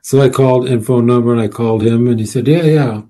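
Male guest, researcher. Relaxed, mellow tone, anecdotal, filler-heavy delivery. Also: mid-range voice, fast. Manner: rambling, with many fillers and restarts. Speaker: guest, paranormal researcher and author. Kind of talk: casual storytelling interview.

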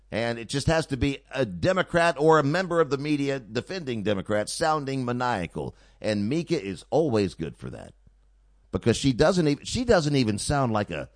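A man's voice: mid-range voice, dry recording. A male radio talk show host delivering an opinionated, sarcastic monologue on a studio mic. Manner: sarcastic, mocking, animated.

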